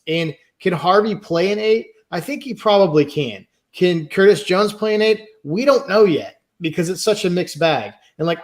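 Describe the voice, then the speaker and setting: A man co-hosting a casual podcast, ranting heatedly and swearing. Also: high-pitched. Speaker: podcast co-host.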